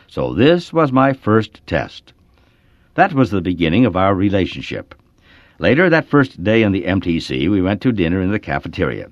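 A man's voice: fairly low pitch, no echo. A man reading a short story aloud as its narrator, telling it expressively and leaning into key words, on a dull lo-fi recording.

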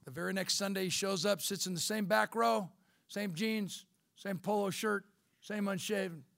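A man's voice: sits high, moderate pace, creaky, fairly bright tone, dry recording, studio quality. A middle-aged man telling a personal story in a folksy, conversational talk. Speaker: speaker, former bishop.

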